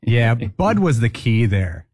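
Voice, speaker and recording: A man co-hosting a sports talk show, asking playful, teasing questions in a husky voice. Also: mid-range voice, sing-song, slow pace, darkish tone, no room sound, studio quality. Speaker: co-host. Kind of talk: casual sports talk chat.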